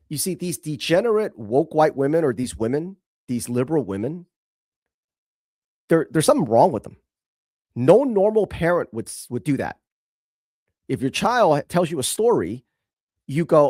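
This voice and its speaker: An emphatic man hosts a commentary show, picking apart a video clip with scorn and heavy repetition. His pitch swings widely as he talks, and the sound is close and dry. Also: sing-song, moderate pace, pauses often, darkish tone, no echo. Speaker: host.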